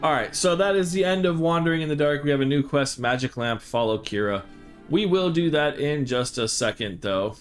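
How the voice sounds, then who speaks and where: A man's voice: fairly high pitch, animated, moderate pace, faint music behind. A man hosting a let's play, talking in a rambling, easygoing way as he plays. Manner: rambling, easygoing, reads text aloud. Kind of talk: casual gameplay commentary.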